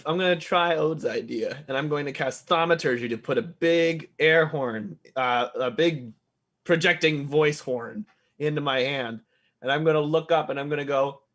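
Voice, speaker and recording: A woman playing a brash, jokey character in a comedic tabletop game. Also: low voice. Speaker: player. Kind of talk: comedic tabletop role-play.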